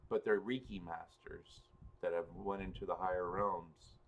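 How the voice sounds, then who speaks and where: Rambling low-voiced man on a livestream. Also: fairly even intonation, moderate pace, phone-quality sound. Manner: rambling, self-correcting, chuckles often. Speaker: livestream host and spiritual reader. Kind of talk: casual livestream chat answering viewers.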